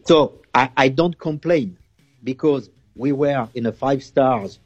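Male journalist, halting English. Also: mid-range voice, no room sound, dull audio, soft background music. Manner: halting non-native English with many fillers. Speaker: journalist guest. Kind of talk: phone interview.

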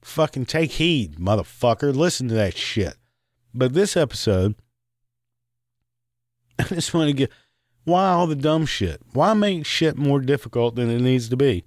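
Male podcast host, angry profane rant, mid pitch, dead-dry close mic. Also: animated, a little slow, long pauses, darkish tone, dry recording. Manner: angry, swearing, rambling with laughs.

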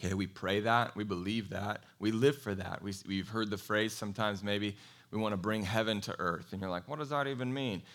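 A man preaching a sermon in a conversational, animated way, telling a Bible story and asking his congregation questions. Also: lowish voice, normal speed. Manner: animated storytelling, acts out quoted voices. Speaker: pastor.

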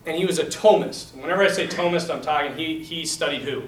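A young man teaching a class in a lively, animated way, talking to his students as "man" and "you guys.". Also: on the high side, fast talker. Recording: echoey room, mic from a distance.

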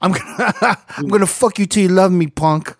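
A man's voice: high-pitched, normal speed, a little hiss or hum. A man doing a comic impression of a menacing male heavyweight boxer who makes crude, taunting boasts.

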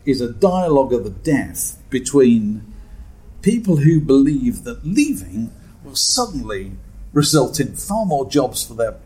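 A man's voice: medium pitch, big pitch swings, a little slow, mellow, rough recording. A man, a guest in a pub chat, telling wry anecdotes and laughing easily. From Britain. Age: 60s. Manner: wry, storytelling, chuckles often. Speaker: guest author. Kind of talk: conversational anecdote.

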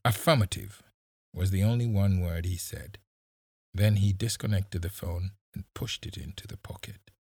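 Male audiobook narrator, low husky voice, slow and dry, measured dramatic delivery. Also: steady tone, mellow, dry recording.

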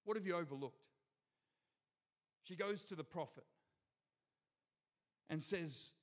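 Man, Australian accent, high-pitched, energetic preaching, sermon to a congregation. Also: slow, pauses often. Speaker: pastor. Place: church hall before a congregation.

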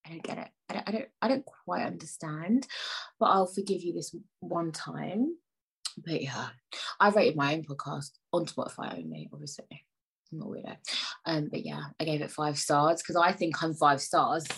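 A young woman hosts her own podcast, chatting solo in a rambling, playfully indignant way and sometimes slipping into near-whispered asides. Her husky voice sits low, carries vocal fry, and moves at normal speed.

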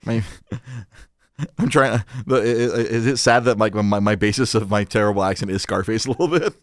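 A man's voice: lowish voice, moderate pace, no room sound, studio quality. A man co-hosting a comedic podcast who chats casually, laughs often and swears freely. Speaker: podcast co-host.

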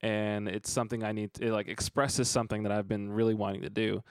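A man's voice: fairly low pitch, level tone, fast, clear, resonant tone, no room sound, clean studio sound. A man co-hosting a casual podcast, reading a Bible passage aloud and reflecting on it earnestly, with frequent fillers. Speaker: podcast co-host.

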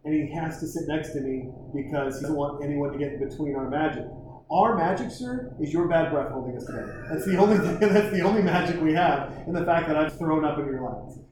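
A man's voice: on the high side, a little fast, very echoey, noisy background. A man telling a crude, rambling, self-mocking comic story and acting out the other people in it.

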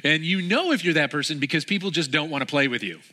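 Guy preaching, bright forceful voice, animated and jokey, slips into silly voices for quotes. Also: fairly high pitch, fast. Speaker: pastor. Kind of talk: sermon.

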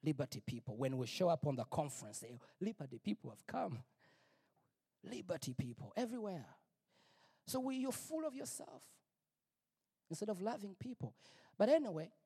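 A middle-aged male pastor preaching a personal testimony, emphatic and repetitive, sometimes rising to near-shouts. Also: a little high, breathy edge. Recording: long reverb, big hall.

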